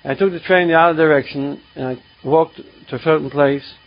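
Brief: man, high voice, emotional halting recovery testimony, dull lo-fi recording. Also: fairly even intonation, creaky. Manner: emotional, halting, repetitive storytelling. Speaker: speaker at a recovery meeting.

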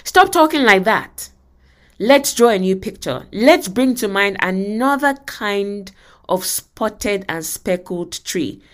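A woman's voice: mid-range voice, expressive, takes it slowly, voice pushed up. A woman reading aloud the part of a firm male pastor counseling a mother. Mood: fervent. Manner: forceful, emphatic reading.

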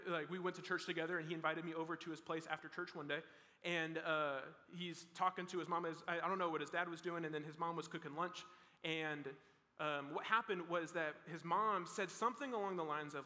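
A young man gives a youth sermon in a loose, conversational way, full of fillers and restarts. His voice sits high and bright. Long reverb from a big hall hangs behind every phrase. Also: fairly quick. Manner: casual, rambling with many "like" fillers and restarts. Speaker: youth pastor. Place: large hall with a student audience.

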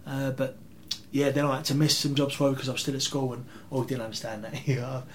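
A man, telling rambling, animated anecdotes as an interview guest. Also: medium pitch, quick pace, slight background noise. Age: 30s. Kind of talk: casual interview storytelling.

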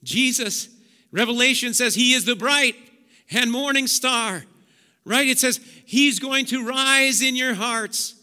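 A male pastor preaching a sermon, swinging between hushed low passages and loud emphatic bursts. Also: slow pace, smooth. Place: church sanctuary. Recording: long church hall reverb.

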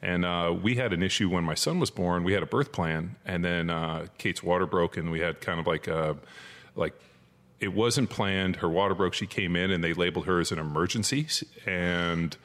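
Deep-voiced blunt man swearing freely. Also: normal speed, a bit bright, big-room sound. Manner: blunt, swears constantly, filler-heavy. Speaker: podcast co-host. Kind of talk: casual profane chat.

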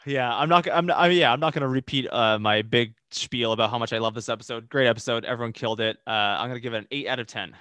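A man's voice: medium pitch, quick pace, few pauses, fairly bright tone, smooth, dry recording. A man co-hosting a casual podcast, easygoing and a bit hesitant, with many fillers and restarts. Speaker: podcast co-host.

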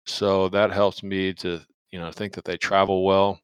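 A man's voice: sits low, level tone, a little slow, clean tone, no echo. A man co-hosting a casual sports betting podcast, joking and rambling with fillers. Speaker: podcast co-host.

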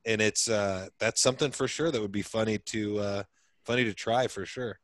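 A man's voice: on the low side, steady tone, normal speed, a bit bright, no echo. A young adult man hosting a casual podcast, telling rambling, profane stories and reading out listener answers. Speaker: podcast host.

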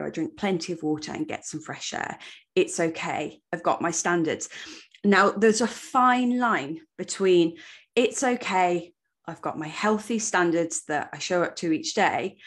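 A young woman hosting her own podcast, reflective and coaching, talking herself through her inner dialogue. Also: lowish voice. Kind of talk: solo podcast monologue.

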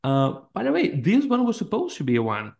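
Gravelly-voiced man chatting casually. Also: sits high, wildly swooping pitch, brisk, a little mellow. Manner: rambling, many fillers, laughs often. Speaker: podcast co-host. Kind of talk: casual podcast chat.

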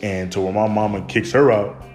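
A man's voice: lowish voice, steady tone, moderate pace, a little mellow, faint music behind. A young man casually recounting a family story from his childhood, rambling with many fillers and restarts.

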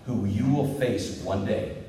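Preaching man in an echoing hall. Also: unhurried. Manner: emphatic preaching that builds to loud, high peaks. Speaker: pastor. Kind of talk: sermon. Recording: echoey hall, distant mic, faint hiss.

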